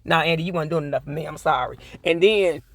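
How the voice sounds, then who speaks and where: A man recapping and reviewing a TV episode, with animated, profane, indignant ranting. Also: fairly high pitch, quick pace, no room sound. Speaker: TV show reviewer.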